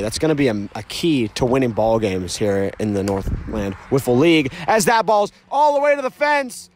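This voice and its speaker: Young male play-by-play caller, fairly high voice, goofy and excitable, outdoors at an amateur game. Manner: joking, excitable, shouts on big hits. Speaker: play-by-play commentator. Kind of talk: casual amateur sports commentary. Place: outdoors at a backyard ball field.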